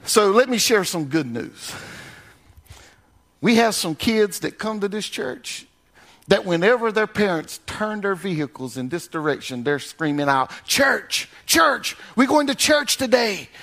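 Older man, pastor, sermon, high voice, big swings from loud to soft, folksy chuckles. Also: animated, unhurried. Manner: wide swings from loud high calls to low soft drops.

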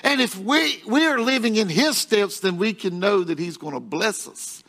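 A man's voice: sits high, normal speed, vocal fry, fairly bright tone. A male pastor preaching a sermon in a folksy, repetitive way, chuckling at his own jokes.

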